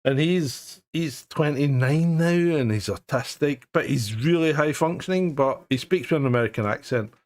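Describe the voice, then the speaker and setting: A middle-aged Scottish man hosts a live stream in a loose, jokey chat, laughing often and swearing without a second thought. His voice sits a touch high for a man. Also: moderate pace, hardly any pauses. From Scotland. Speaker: co-host.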